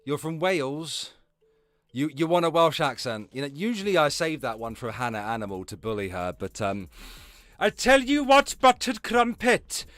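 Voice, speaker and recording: A man's voice: mid-range voice, expressive, moderate pace, a bit bright, dry recording. A man with an English accent from the London area, hosting a live stream in a casual, swearing, chatty way. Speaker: streamer host.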